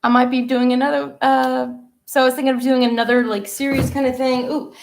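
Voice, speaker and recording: A woman's voice: high voice, flat delivery, brisk, creaky. A young adult woman hosting a casual live-streamed painting lesson into her laptop mic, chatty and rambling as she paints. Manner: chatty, rambling, self-talking while painting. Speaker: painting class host.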